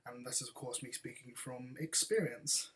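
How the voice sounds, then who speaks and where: A man's voice: medium pitch, fairly even intonation, moderate pace. A man, a bodybuilder and coach, answering viewer questions in a casual, blunt, rambling vlog.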